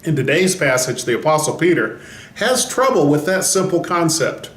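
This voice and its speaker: A man's voice: on the high side, very animated, moderate pace, a little hiss or hum. A man giving a short devotional as a pastor, telling the story with folksy humor. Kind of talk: devotional talk. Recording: roomy echo.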